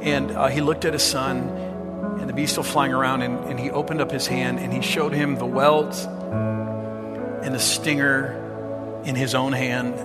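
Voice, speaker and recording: A middle-aged male pastor preaching a sermon, swinging from loud, emphatic lines to hushed storytelling and stretching out the scripture lines slowly. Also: medium pitch, flat delivery. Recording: long hall reverb with music behind.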